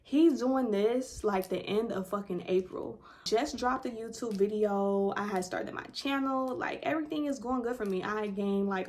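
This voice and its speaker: A young adult woman hosting a casual storytime vlog, talking bluntly to her viewers with plenty of swearing. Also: mid-range voice. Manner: blunt, profanity-heavy storytelling addressed to viewers. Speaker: storytime channel host.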